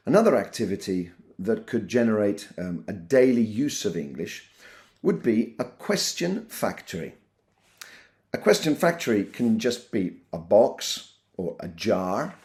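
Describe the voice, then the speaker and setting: A middle-aged man, a teacher trainer, giving an instructional talk to teachers and acting out classroom phrases in animated voices. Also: mid-range voice.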